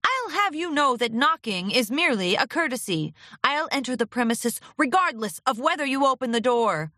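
A woman voicing a gruff, scratchy older male pony who is a secret agent boss, blunt and commanding in a storybook reading. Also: sits high, sing-song, normal speed, pushed and bright, no room sound, studio quality, pitched above the performer's own voice, full character voice.

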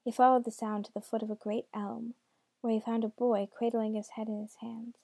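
A woman narrates a storybook in a mellow, dark-toned voice. She breaks off for wry asides to the listener. The sound is dry and close, with no room around it. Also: fairly high pitch, flat delivery, brisk, creaky, dry recording.

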